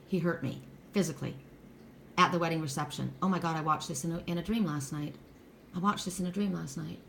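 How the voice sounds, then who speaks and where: A woman's voice: lowish voice, fairly bright tone, slight background noise. A middle-aged woman giving a casual tarot card reading, blunt and emphatic, who swears freely.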